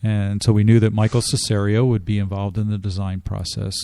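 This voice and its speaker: Low warm-voiced man explaining. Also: flat delivery, no echo. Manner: measured, explaining with restarts. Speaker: drum corps staff guest. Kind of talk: casual radio interview.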